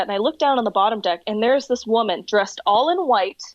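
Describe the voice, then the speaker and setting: Lively laughing woman telling stories. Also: on the high side, a little fast, no echo, highs cut off. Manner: animated storyteller, laughs often. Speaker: whale watching tour guide, podcast guest. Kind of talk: casual chat, storytelling.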